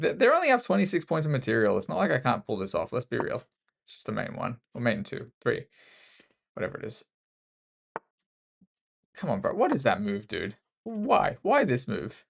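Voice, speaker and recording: A man's voice: mid-range voice, vocal fry. A man with an Australian accent giving casual, self-mocking live commentary while playing chess. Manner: self-mocking, joking banter with the opponent. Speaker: chess streamer.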